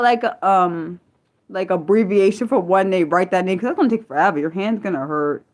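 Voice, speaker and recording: A young woman from the United States hosting a casual livestream, chatting with viewers in an excitable, disbelieving way with many stumbling restarts. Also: fairly low pitch, a little fast. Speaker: livestream host. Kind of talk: casual livestream chat reading viewer comments.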